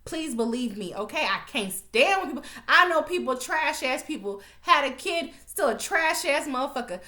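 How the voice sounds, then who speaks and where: A woman with a slightly high voice rants through a TV episode recap. She talks straight to her viewers, blunt and profane, with plenty of animated asides. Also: normal speed, hardly any pauses, echoey room. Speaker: TV recap vlogger. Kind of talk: casual profane recap rant.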